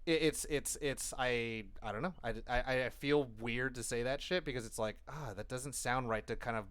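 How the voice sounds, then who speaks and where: A man co-hosting a casual nerd-culture podcast, talking in long animated rambles and swearing freely. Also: medium pitch, moderate pace, clear, resonant tone, no echo. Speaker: podcast co-host. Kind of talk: casual chat.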